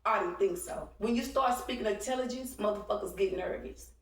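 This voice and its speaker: A woman's voice: mid-range voice, brisk, far from the mic. A blunt, profane woman, giving a heated, confrontational monologue to her viewers. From Texas. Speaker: vlogger. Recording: roomy echo, speaking from away from the mic.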